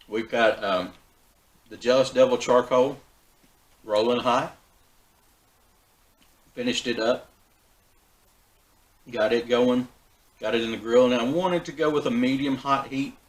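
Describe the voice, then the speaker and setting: A man hosting a backyard barbecue vlog, talking in a relaxed, folksy way with fillers and restarts. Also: medium pitch, unhurried, long pauses, poor audio. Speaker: backyard BBQ channel host. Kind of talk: casual cooking vlog.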